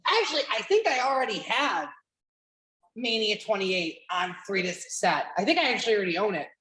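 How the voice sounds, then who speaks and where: A woman's voice: mid-range voice, expressive, fairly quick, a bit bright. Rambling woman podcast host in an echoey room. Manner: rambling, many fillers and restarts, casual swearing. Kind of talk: casual chat, watch-along podcast. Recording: roomy echo.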